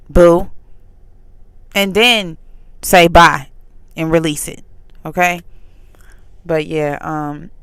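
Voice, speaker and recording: Smooth low-voiced woman telling a story. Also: a bit bright, no echo. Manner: candid, chatty, with pointed retorts. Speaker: faith vlogger. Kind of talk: casual storytelling monologue.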